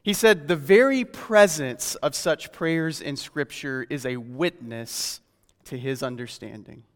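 A man preaching a sermon in an earnest, questioning way, slowing down when he reads scripture aloud. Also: mid-range voice, in a large hall.

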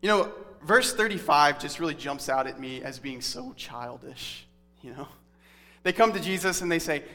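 Male pastor, 30s, sermon: conversational and earnest, bright, slightly high voice, long hall reverb. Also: animated, moderate pace, soft background music. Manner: conversational, earnest Bible teaching.

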